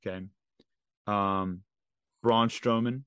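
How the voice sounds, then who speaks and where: A man's voice: on the low side, steady tone, takes it slowly, a bit bright, smooth, dry recording, dull audio. A man co-hosting a wrestling podcast, casually leading a segment and reading off a list. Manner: leads the segment, reads off a list. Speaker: podcast co-host. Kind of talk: casual chat.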